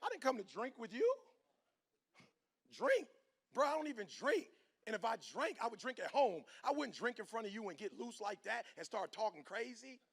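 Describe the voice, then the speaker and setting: A middle-aged man giving a motivational talk, animated and preachy, with slang, swinging from hushed to loud. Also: very high voice, normal speed, gravelly, husky. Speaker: motivational speaker. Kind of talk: motivational speech.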